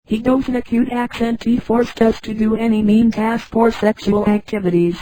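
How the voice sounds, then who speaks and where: Frank plain-spoken young woman, read by a synthetic voice, mellow, dry. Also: on the high side, steady tone, normal speed, no room sound, natural voice, low-quality recording.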